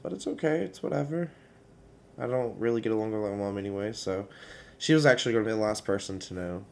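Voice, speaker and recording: Young man, low voice, hesitant, casual vlog storytelling. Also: darkish tone. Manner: hesitant, halting storytelling with many fillers. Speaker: vlogger.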